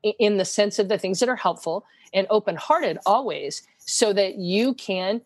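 A woman's voice: medium pitch, lively intonation, normal speed, husky, no echo. A middle-aged woman telling stories in a conversational faith podcast, earnestly acting out the lines she quotes.

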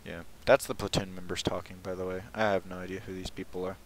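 A man's voice: low voice, flat delivery, brisk, few pauses, a little hiss or hum, low-quality recording. A young man giving casual, sarcastic commentary while playing a shooter game, often exasperated and mocking himself. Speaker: gaming commentator.

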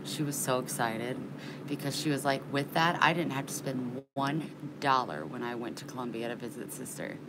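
A woman's voice: very deep voice, moderate pace, background noise. A woman chatting in a casual vlog, rambling and frank, getting worked up and indignant, with casual swearing. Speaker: vlogger.

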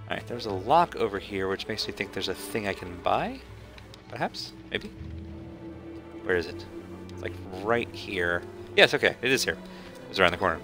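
A man's voice: low-pitched, very animated, moderate pace, pauses often, sharp tone, faint music behind. A man streaming a video game, chatting casually and joking at the characters as he plays. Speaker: gaming streamer. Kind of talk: casual let's-play commentary.

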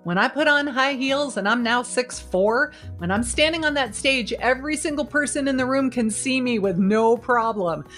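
A woman in her fifties, a video marketing coach, giving an energetic, emphatic and encouraging motivational talk straight to camera. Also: high-pitched, normal speed, hardly any pauses, faint music behind.

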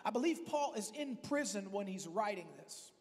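A man preaching a sermon as pastor, talking in a conversational, joking way that breaks into loud, emphatic bursts. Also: sits high, lively intonation, normal speed. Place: church hall. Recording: long reverb of a church hall.

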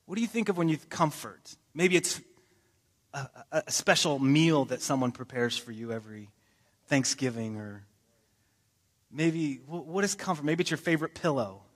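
A man's voice: fairly high pitch, expressive, normal speed, in a large hall. A man preaching a sermon, talking in a casual way with joking asides and reading scripture with emphasis. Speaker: pastor. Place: church sanctuary.

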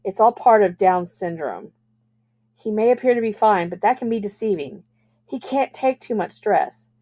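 A woman's voice: mid-range voice, expressive, moderate pace, dark tone, pitched above the performer's own voice, lightly acted. Brief: female reader doing a protective mother, firm and caring. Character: protective middle-aged nurse mother.

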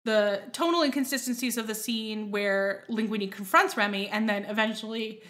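A woman's voice: medium pitch, fairly even intonation, normal speed, fairly bright tone. A woman co-hosting a podcast in casual film discussion, chatty and hedging, with frequent fillers. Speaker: podcast co-host.

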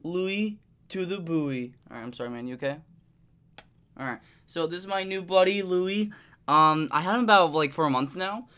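A man's voice: on the high side, brisk, pushed and bright, clear, resonant tone. A young man chatting casually to camera as a vlogger, rambling with lots of fillers and restarts and now and then cooing affectionately at his pet. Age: young adult.

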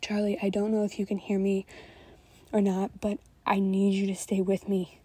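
A woman's voice: medium pitch, monotone, normal speed, slightly rough, no echo, close to an everyday voice. A woman reading as a pleading anxious young man. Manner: pleading, soft and urgent.

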